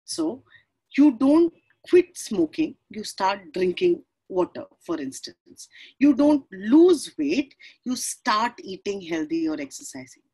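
A woman in her forties with an Indian accent, giving a motivational talk on a video call. She mixes Hindi into her English, stretches key words slowly and often asks "right?". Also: mid-range voice, very animated, dark tone, husky, poor audio. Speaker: speaker on mindset.

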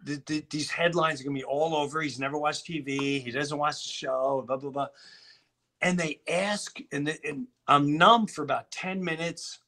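A middle-aged man telling a story in casual chat, animated and profane, acting out what others said. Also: fairly high pitch, normal speed. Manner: animated, swearing, acts out quotes. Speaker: guest.

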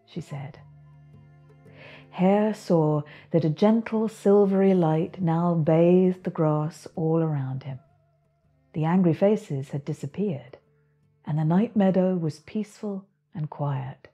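A woman, the author, reading her own children's book aloud in a gentle, expressive storytelling voice. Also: sits low, takes it slowly, vocal fry, husky, faint music behind.

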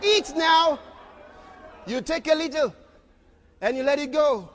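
A man preaching a sermon as a pastor, emphatic, often shouting and questioning his crowd. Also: very high-pitched, animated, takes it slowly, pauses often, slight background noise. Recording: long reverb of a large hall.

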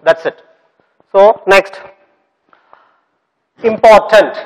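Male teacher, high-pitched, patient and repetitive, spelling out words and quizzing the class, in an echoey space. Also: moderate pace, long pauses. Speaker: English teacher. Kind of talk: classroom grammar lesson. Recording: long reverb, echoey room.

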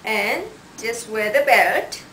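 A woman's voice: on the high side, fairly bright tone, a little hiss or hum. A woman presenting clothes as a stylist, showing each piece and repeating "like this". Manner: unhurried, shows each item with "like this". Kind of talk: product styling demo. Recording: roomy sound from a distance.

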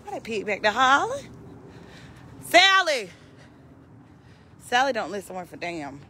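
A woman's voice: mid-range voice, wildly swooping pitch, quick pace, pushed and bright, a little hiss or hum. A woman calling and scolding her farm animals outdoors, as if they were naughty kids. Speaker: vlogger. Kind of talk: casual chat while calling farm animals.

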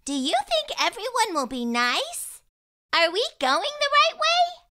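A woman's voice: very high-pitched, very animated, unhurried, pushed and bright, pitched above the performer's own voice, exaggerated voice. A woman voicing a curious, worried little question mark, speaking in a wondering, questioning way.

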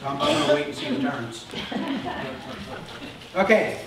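A pastor speaks in an unhurried, fairly high voice over a noisy crowd as he delivers an Easter sermon in the church sanctuary. He acts out Bible figures with animation and often checks in by asking "Okay?" The room is very echoey, he sounds distant, and there's faint noise.

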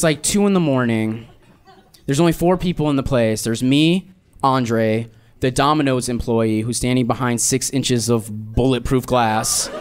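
Deadpan male stand-up comedian. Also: medium pitch. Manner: deadpan storytelling that shifts into exaggerated quoted voices. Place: live comedy club with audience laughter. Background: audience laughter.

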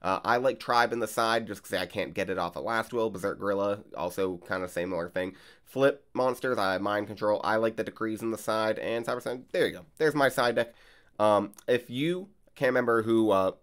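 A man's voice: lowish voice, fairly quick, fairly bright tone. A man hosting a card game channel, chatting casually and rambling with lots of fillers. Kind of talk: casual gameplay vlog and commentary. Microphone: desk mic while recording gameplay.

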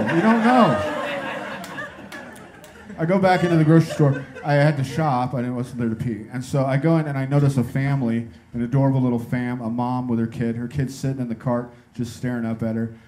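Man, stand-up comedian, incredulous storytelling, middle pitch, comedy club stage, faint room noise. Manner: incredulous, lively storytelling with acted-out asides.

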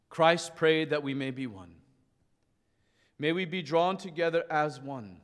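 A priest preaching with passion and telling a dramatic story, acting out its voices. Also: male voice, a little high, a little slow, long pauses. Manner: impassioned storyteller who acts out the shouting in his story. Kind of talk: preaching a rally speech with a story. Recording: long hall reverb.

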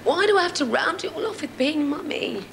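A high, lively, gravelly voice from a TV drama clip, a woman in her forties who is desperate for a baby. She pleads with emotion, her pitch leaping about, over loud noise from the clip audio. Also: brisk. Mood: pleading.

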